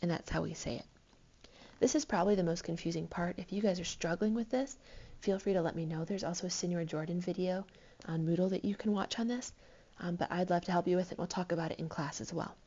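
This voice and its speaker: Low gravelly woman teaching a lesson. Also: steady tone, quick pace, warm tone, dull audio. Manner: patient, explanatory, counts syllables aloud. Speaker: Spanish teacher. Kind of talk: recorded classroom lesson.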